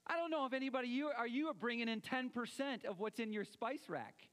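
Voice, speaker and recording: A man preaching a sermon, animated, acting out quoted voices and swinging between loud and soft. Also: very high voice, brisk, in a large hall. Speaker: pastor.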